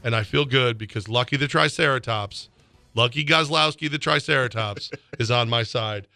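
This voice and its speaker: A man co-hosting a sports radio show, telling rambling stories and reading ads with excitable energy. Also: mid-range voice, normal speed, creaky, no room sound. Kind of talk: sports talk and live-read ad.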